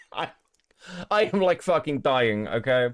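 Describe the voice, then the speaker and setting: A man's voice: medium pitch, very animated, slow, fairly bright tone, no echo, studio quality. A British man hosting a live stream, chatting casually, laughing often and swearing through rambling asides. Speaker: stream host.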